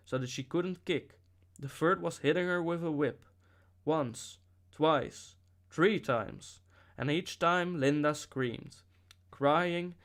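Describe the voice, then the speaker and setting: A man narrating a novel as an audiobook reader, with a steady storytelling delivery and occasional slips. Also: on the high side.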